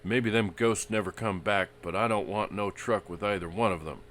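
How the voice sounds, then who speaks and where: A man voicing a big, superstitious male outlaw in a western story, with a hoarse, shaky whisper and a backwoods drawl. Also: lowish voice, normal speed, a bit bright, slight background noise, pitched above the performer's own voice, natural voice. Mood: sullen.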